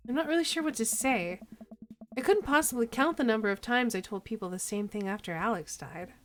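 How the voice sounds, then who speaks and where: A woman's voice: fairly high pitch, fairly quick, a bit bright, faint music behind, close to an everyday voice. A woman reading as an earnest, friendly game dad.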